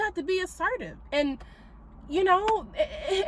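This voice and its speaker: A woman's voice: extremely high pitch, expressive, normal speed, a crowd in the background. A woman in her twenties hosting a spiritual podcast, talking bluntly and sassily, with a lot of swearing and plenty of "like" fillers. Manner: blunt, profane and sassy, with lots of "like" fillers. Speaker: podcast host. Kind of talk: casual spiritual podcast monologue.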